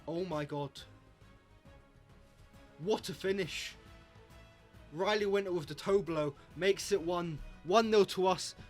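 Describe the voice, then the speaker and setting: A young man commentates a football video game in a jokey, excitable way. His voice sits high and leaps higher when something surprises him. Faint music plays underneath. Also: takes it slowly, long pauses. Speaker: gaming YouTuber.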